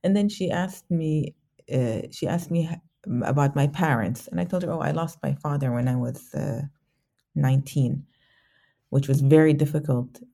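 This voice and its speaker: A woman guest in an interview, reflecting candidly on a personal journey, halting often with restarts and fillers. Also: low-pitched, creaky, warm tone.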